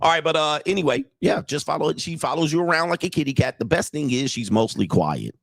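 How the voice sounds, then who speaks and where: A man's voice: fairly high pitch, animated, fast talker, creaky, fairly bright tone, dry recording. A man who works as a dating coach, giving blunt, mocking casual commentary on clips and talking straight to his viewers.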